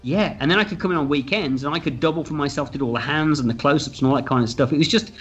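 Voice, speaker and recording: A man telling stories as a guest in a casual interview, lively and animated. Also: fairly high pitch, rapid-fire, breathy edge. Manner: animated, acts out quoted voices. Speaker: film director interviewed as guest. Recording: dull lo-fi sound with faint music.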